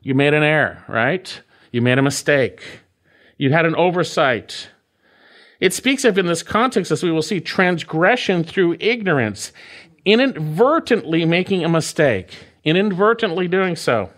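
A man's voice: on the high side, expressive, a little slow, fairly bright tone. A man preaching a verse-by-verse sermon, stressing and repeating key phrases. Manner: emphatic, repeats key phrases, rising and falling delivery. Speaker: pastor. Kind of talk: expository sermon.

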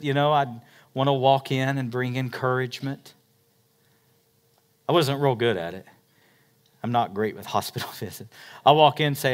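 A middle-aged male pastor, preaching a sermon and moving between loud emphatic passages and quiet, slow ones. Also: mid-range voice, smooth.

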